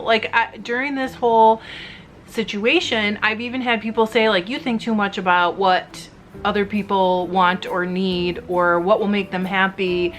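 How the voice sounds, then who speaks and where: A middle-aged woman who makes fiber arts videos, chatting candidly and emotionally with viewers while she spins, rambling with quick asides and a slightly teary edge. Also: medium pitch, fairly bright tone. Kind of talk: casual chat to viewers while spinning.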